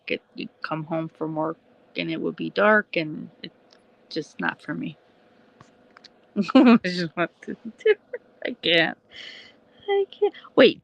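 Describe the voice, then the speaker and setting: A woman's voice: on the low side, creaky, a bit bright, dry recording, lo-fi sound. A woman hosting a casual livestream, rambling chattily at night from home and answering viewers' comments. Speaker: livestream host.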